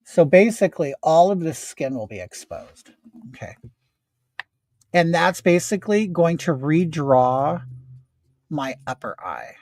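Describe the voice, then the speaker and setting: A man's voice: on the high side, sing-song, a little slow, pauses often, a little mellow, no echo. A man in his fifties hosting a casual makeup livestream from home, chatting in a rambling way and answering viewer comments. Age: 50s.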